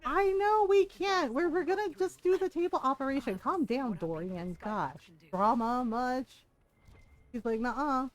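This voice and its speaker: A woman's voice: sits high, measured pace. A woman streaming a game, chatting casually and laughing her way through rambling stories.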